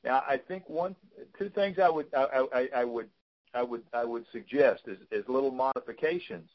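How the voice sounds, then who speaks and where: A man's voice: medium pitch, moderate pace. Man, consultant, coaching call, fatherly advice, repeats words, dull lo-fi sound. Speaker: business consultant.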